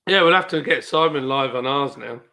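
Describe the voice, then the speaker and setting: Excitable British man on a live stream. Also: mid-range voice, fairly quick. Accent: British English. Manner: excitable, laughs often, exclaims. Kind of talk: casual live stream chat.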